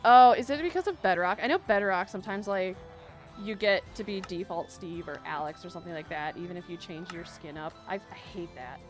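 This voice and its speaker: A woman's voice: fairly low pitch, fairly quick. Bubbly woman live-streamer over faint music. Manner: bubbly, laughs often, rambling. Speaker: live-stream gaming host. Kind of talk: casual live-stream chat, reading chat aloud. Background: faint background music.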